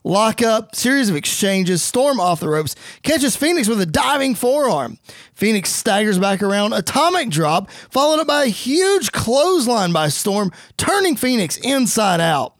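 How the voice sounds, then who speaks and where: A man giving energetic, excitable play-by-play commentary and narration for a wrestling game story. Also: sits high, measured pace, dry recording, studio quality.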